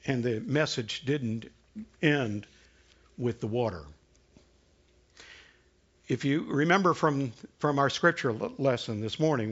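A man preaching a sermon in a conversational way, asking the congregation questions and dropping to a hush for emphasis. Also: mid-range voice, highs cut off. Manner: conversational preaching, rhetorical questions, dramatic hushed drops. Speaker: pastor.

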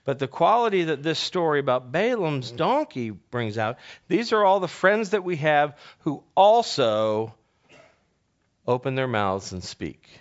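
A man's voice: fairly high pitch, very animated, a little slow. A man preaching a conversational sermon, telling a story and asking the listeners rhetorical questions, with frequent restarts. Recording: dull lo-fi recording.

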